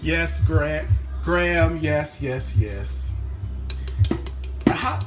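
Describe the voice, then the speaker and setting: Speaking extremely slowly over loud music, a man with a slightly high, expressive voice hosts a live cooking stream. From Maryland's Eastern Shore and bearing a hint of its accent, he chats casually with viewers in his home kitchen.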